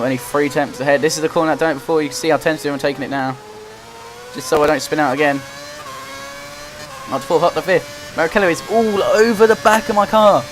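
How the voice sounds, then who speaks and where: Young man giving excited racing game commentary. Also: on the high side. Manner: excitable, running play-by-play. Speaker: gaming commentator. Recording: loud game music behind the voice. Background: game music and engine noise.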